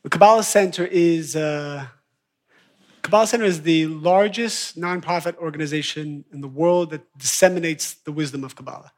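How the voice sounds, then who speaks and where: A man with a high-pitched voice teaches an evening class. He is animated, dropping to quiet mutters and then rising to loud, excited bursts as he acts out everyday scenes. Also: moderate pace. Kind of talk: lively class lecture with acted-out examples.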